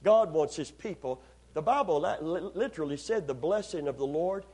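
Folksy husky-voiced preacher man. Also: fairly high pitch, lively intonation, normal speed, a little mellow. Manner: folksy, joking, repeats words. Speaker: pastor. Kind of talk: sermon.

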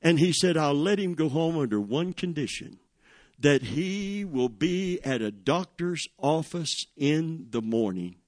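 A man's voice: on the high side, animated, measured pace, a little mellow, no echo, clean studio sound. A middle-aged man preaching a sermon, telling a story and calling to the congregation for amens. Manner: preaching storytelling with call-and-response. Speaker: pastor.

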